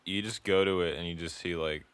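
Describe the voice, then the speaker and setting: Very deep-voiced, playful podcast man. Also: fairly even intonation, a little fast, a bit bright, clear, resonant tone, no room sound. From Illinois, US Midwest. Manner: playful, rambling, laughs often. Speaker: podcast co-host. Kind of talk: casual comedic chat.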